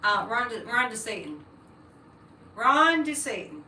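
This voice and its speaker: A woman's voice: on the high side, very animated, unhurried, bright, forceful tone, recorded from a distance, slight background noise. A woman hosting a psychic livestream, chatting with viewers and launching into political rants. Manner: chatty, ranting political asides. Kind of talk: live-stream chat, reading comments. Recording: echoey room, mic set back.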